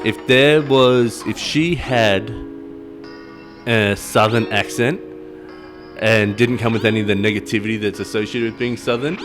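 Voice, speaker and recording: A man's voice: on the low side, steady tone, a little slow, music in the background. A man with an Australian accent, hosting a casual podcast chat, laughing often and swearing freely. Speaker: podcast host.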